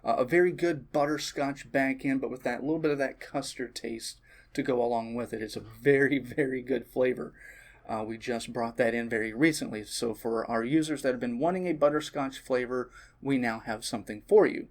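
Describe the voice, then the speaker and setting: A man's voice: mid-range voice, normal speed. A man on a vape shop's staff giving a casual product review, easygoing and sprinkled with ums and uhs.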